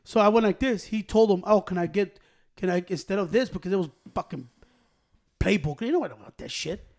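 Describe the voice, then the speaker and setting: A young man spins a profane, animated story for his friends, cursing freely and laughing as he goes. His voice sits high for a man. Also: fairly quick. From Hispanic American.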